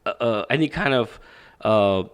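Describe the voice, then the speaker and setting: A man's voice: lowish voice, measured pace, smooth. A young man, a boxing coach, telling his life story in a podcast interview, swearing freely and acting out quoted exchanges. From Pakistan. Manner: profane, animated, acts out quoted dialogue.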